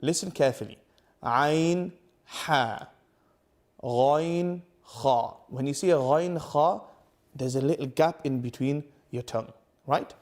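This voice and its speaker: A man teaching Quran recitation to camera, patiently repeating letter sounds slowly for the viewer. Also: medium pitch, mellow. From United Kingdom. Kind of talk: tajweed lesson to camera.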